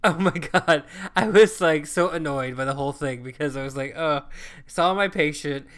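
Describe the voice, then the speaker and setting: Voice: mid-range voice, normal speed. A co-host telling a travel story in casual chat, swearing freely and acting out what people said. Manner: profane, chatty, acts out quoted lines.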